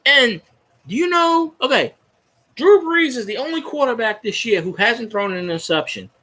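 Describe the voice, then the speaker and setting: A man's voice: very high voice, expressive, moderate pace, sharp tone. A man hosting his own fan video, ranting casually and cursing freely about how his team gets treated. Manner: profane, fired-up ranting.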